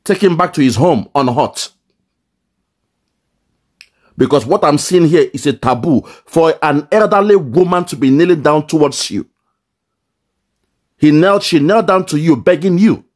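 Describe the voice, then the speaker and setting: A man's voice: fairly high pitch, expressive, unhurried, pauses often. A man giving angry, emphatic commentary on a clip, stumbling and repeating words as he stresses his points.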